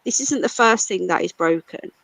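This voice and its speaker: A woman's voice: mid-range voice, animated, moderate pace, vocal fry, fairly bright tone, dry recording, low-quality recording. A British woman hosting a casual livestream, ranting angrily and swearing a lot. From United Kingdom. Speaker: livestream host.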